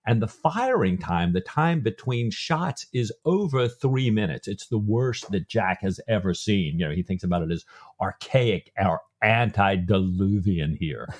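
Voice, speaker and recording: This podcast co-host has a lowish, animated voice, a little slow and darkish in tone. Raised Lutheran and not a Norwegian speaker, he discusses books conversationally, with many fillers and restarts.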